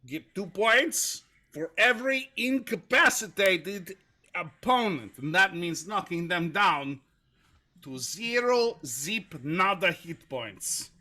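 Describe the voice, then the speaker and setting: A man playing a bossy male gym coach who gives commanding, drawn-out instructions to a class. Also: sits high, expressive, pushed and bright, full character voice.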